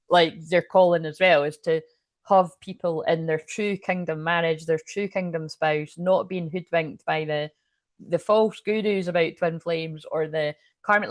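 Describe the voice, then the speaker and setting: Recorded dry with clean studio sound, a woman with a lowish voice talks about spirituality on a casual livestream as a spiritual channel host and tarot reader. Her talk is rambling and frank, peppered with swearing, fillers and restarts.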